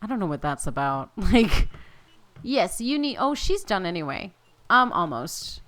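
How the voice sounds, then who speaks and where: A woman's voice: fairly high pitch, big pitch swings, measured pace, fairly bright tone. A young woman casually commenting on her own gameplay, chatting to her sims, reading the game text aloud and laughing often. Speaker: let's play host.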